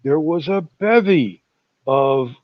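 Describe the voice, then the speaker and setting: Guy drawling real slow on a muffled lo-fi call, dry sound, bit higher voice. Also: expressive, no echo. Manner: slow, drawling storyteller, chuckles often. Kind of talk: casual chat. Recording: muffled lo-fi voice chat.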